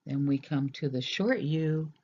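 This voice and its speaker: A teacher giving a recorded language lesson, explaining slowly and deliberately with hesitant fillers, in a dull lo-fi recording. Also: mid-range voice, darkish tone, breathy edge.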